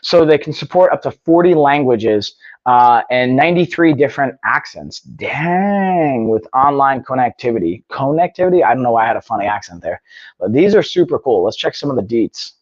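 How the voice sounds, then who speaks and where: A man's voice: medium pitch, expressive, moderate pace, no echo, lo-fi sound. A man hosting a casual live stream, upbeat and chatty, often saying "y'all" and muttering to himself between bits. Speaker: livestream host. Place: home gym.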